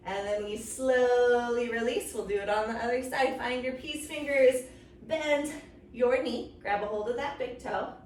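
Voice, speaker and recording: A woman teaching a yoga story lesson to children, playful and coaxing, making silly animal and train sounds between gentle instructions. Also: on the high side, measured pace. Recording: roomy, far from the mic, faint hiss.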